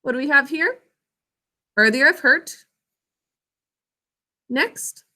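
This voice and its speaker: A young woman teaching a class, slowly sounding out words and their syllables. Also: high voice, expressive, sharp tone. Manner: clear, slow enunciation of words and sounds. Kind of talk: classroom spelling lesson.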